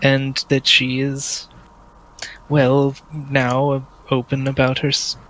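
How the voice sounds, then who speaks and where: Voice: medium pitch, completely flat delivery, slow, a bit bright, slight background noise, rough recording. Man doing a kindly older lady vice principal. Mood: gentle.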